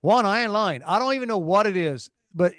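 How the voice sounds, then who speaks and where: A middle-aged man with a South Louisiana accent co-hosts a podcast, telling stories animatedly in a casual chat full of restarts. His voice sits high and moves a little fast, captured in a dry, clean studio recording.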